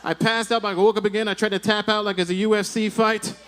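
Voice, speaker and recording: A man doing a stand-up comedy set for a live audience, telling animated stories and tagging his lines with "right?". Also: sits high, fast, clear, resonant tone.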